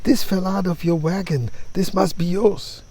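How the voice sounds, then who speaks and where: A man's voice: high voice, fairly even intonation, measured pace, mellow, voice pushed up. A man voicing a deferential male passerby in a spoken parable.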